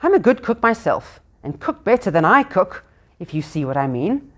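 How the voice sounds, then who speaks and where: A woman's voice: fairly low pitch, very animated, moderate pace, a bit bright. A woman voicing a small, frightened male hobbit who pleads in a flustered way. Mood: pleading.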